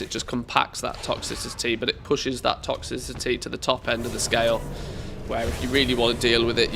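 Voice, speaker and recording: A man's voice: medium pitch, gravelly, background noise. A man with a nasal voice, congested from a cold, giving casual commentary as he streams a game, rambling with restarts and dry jokes. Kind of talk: casual live-stream commentary while playing.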